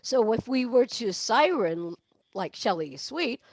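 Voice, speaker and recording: A woman's voice: a little high, sing-song, slow, a little mellow, no room sound, studio quality. Woman coaching singing breath exercises. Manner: demonstrative, breaks into barks, meows and sung laughs. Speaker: vocal coach. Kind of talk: online voice lesson.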